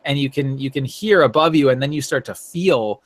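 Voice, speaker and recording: A man running a tabletop game as game master. His voice has a middle pitch, and he narrates loosely, filling pauses and correcting himself as he talks. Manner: rambling, full of fillers and self-corrections.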